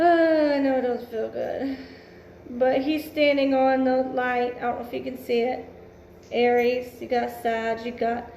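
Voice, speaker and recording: A woman's voice: fairly high pitch, creaky, darkish tone, echoey room, a little hiss or hum. A woman giving a casual tarot reading, blunt and emphatic, swearing freely and musing aloud. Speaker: tarot reader.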